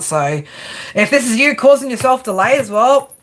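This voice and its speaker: A woman's voice: a little high, lively intonation, moderate pace. Profane, laughing tarot streamer woman. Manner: casual, profane, laughs often, talks back to chat. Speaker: tarot reader. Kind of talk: live stream tarot reading, chatting with viewers.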